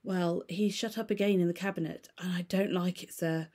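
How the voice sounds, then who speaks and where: A woman reading aloud and voicing a frightened, loyal male butler who speaks in a fearful, halting way. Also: lowish voice, steady tone, dark tone, natural voice. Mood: afraid. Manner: fearful and halting, repeating himself.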